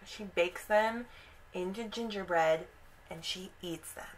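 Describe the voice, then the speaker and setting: Young woman, vlog host, casual storytelling, animated, acts out the characters, slow and unhurried. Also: fairly low pitch, low-quality recording. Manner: animated retelling with quoted voices. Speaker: video host.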